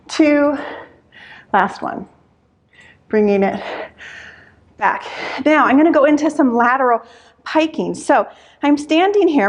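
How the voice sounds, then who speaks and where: Woman Pilates instructor, fairly high voice, out of breath, counting reps aloud, sighs between counts. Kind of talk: workout instruction while exercising.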